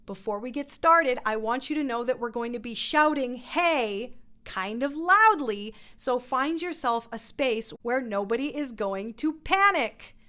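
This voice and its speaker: A woman's voice: on the high side, animated, unhurried, sharp tone. A woman vocal coach teaching a voice lesson in a playful, encouraging way. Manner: instructive.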